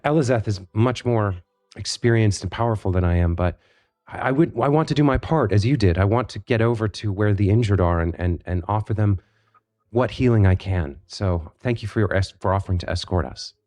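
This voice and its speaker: A man voicing a humble, gentle village healer woman. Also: lowish voice, expressive, a little fast, lightly acted. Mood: grateful. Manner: soft, humble, hesitant.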